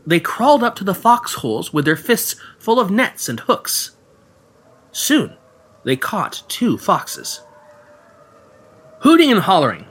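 A man narrating folk ghost tales in a measured, dramatic storytelling manner. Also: a little high, fairly bright tone, slightly rough. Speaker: podcast storyteller.

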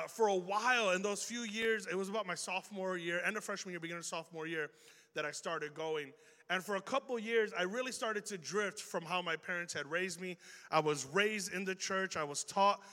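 A young Chicago man with a Chicago accent preaches a casual, animated sermon to a youth crowd, acting out quoted exchanges. His voice sits high, and the recording has a long hall reverb.

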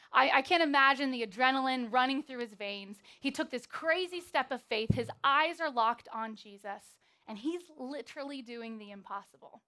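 A woman preaching a sermon in a church, telling a Bible story in a lively, playful way. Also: fairly high pitch.

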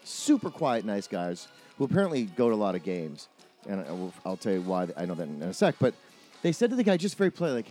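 A middle-aged man co-hosting a casual podcast, spinning a story with a lively voice that leaps up and down. He swears freely and acts out what people said, with faint music behind him. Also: fairly low pitch, fast talker. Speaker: podcast co-host. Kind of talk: casual chat.

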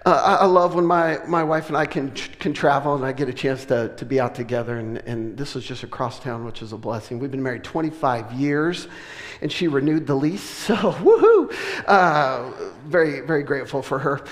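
A middle-aged man from the US West Coast, preaching a sermon and telling a personal story with animated, self-deprecating humor. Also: medium pitch, moderate pace. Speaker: pastor. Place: church sanctuary. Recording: long reverb of a large church hall.

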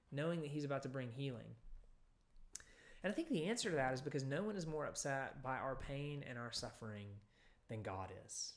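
Male pastor, mid-range voice, relaxed teaching sermon with frequent ums, reads verses aloud. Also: medium pitch. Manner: conversational teaching with frequent fillers, reading scripture aloud.

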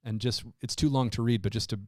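A man in a casual Bible discussion, a lively storyteller who acts out the lines he quotes. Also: medium pitch, quick pace, dry recording, studio quality.

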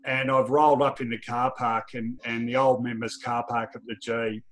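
A man with an Australian accent, a football journalist guest, telling lively anecdotes in casual podcast chat and laughing often. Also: mid-range voice, moderate pace, a little hiss or hum.

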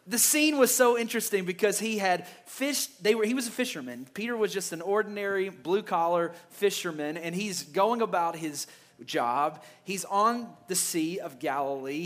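A man's voice: high-pitched, fairly bright tone. A male pastor preaching a sermon emphatically, often stammering and repeating words as he builds a point.

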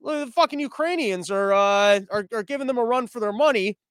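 A man hosting a casual podcast monologue, rambling, profane and animated. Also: extremely high pitch, a little fast, clean tone, no echo. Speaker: podcast host.

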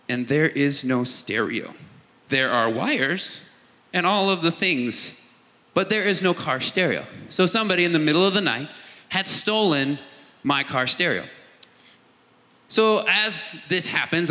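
In a hall with long reverb, a middle-aged pastor preaches a sermon, sharing a personal story in a conversational style. His voice sits on the high side and sounds bright and forceful.

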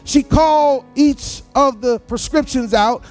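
A man with a strikingly high voice delivers a sermon from the pulpit. He lilts into a sing-song preaching cadence, repeating and building his phrases. Faint music sits softly behind him. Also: takes it slowly. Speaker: pastor.

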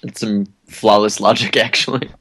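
A man's voice: on the low side, steady tone, moderate pace, fairly bright tone, slight background noise. A man co-hosting a podcast, reading listener answers aloud with a ready laugh in casual chat. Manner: laughs often, amused. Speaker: podcast co-host.

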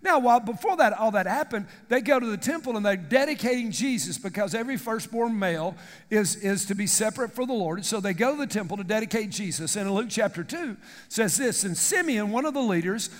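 Animated preacher with hall reverb. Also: male voice, high voice, fairly quick. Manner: animated preaching, calls to the congregation. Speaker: pastor. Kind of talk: sermon.

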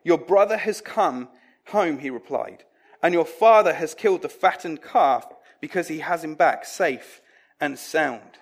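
A man delivers a sermon with a fairly high-pitched voice. He preaches conversationally but with emphasis, and now and then he acts out the voices he quotes. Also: lively intonation, unhurried.

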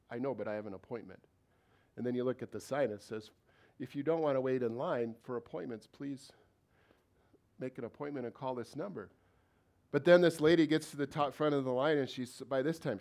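A male pastor delivers a sermon to his church. He speaks in a relaxed, conversational way, keeps putting questions to the congregation, and his pitch sits in an ordinary middle range.

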